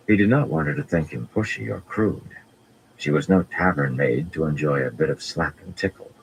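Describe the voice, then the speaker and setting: A man narrates a fantasy novel in a measured, unhurried read-aloud manner. His voice is extremely deep and low. A faint ambient hum runs underneath the reading. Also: gravelly, rough recording. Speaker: audiobook narrator.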